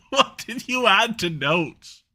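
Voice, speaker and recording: A man's voice: high-pitched, huge pitch swings, drawn-out words, bright, forceful tone. A man running a tabletop game as game master, joking around and laughing at his own bits. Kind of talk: casual tabletop game narration.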